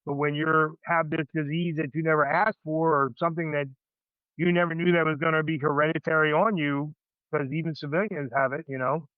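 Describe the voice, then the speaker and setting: A man's voice: on the high side, steady tone, a little fast, clear, resonant tone, no echo, phone-quality sound. A man in his fifties, a veteran guest on a podcast, talking in a rambling, emphatic way and saying "man" constantly. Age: 50s. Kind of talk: casual podcast conversation.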